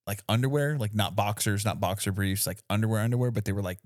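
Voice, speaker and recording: Rambling, swearing podcast co-host. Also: male voice, lowish voice, quick pace, dry recording, studio quality. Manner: rambling storyteller, heavy filler, profane. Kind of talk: casual chat.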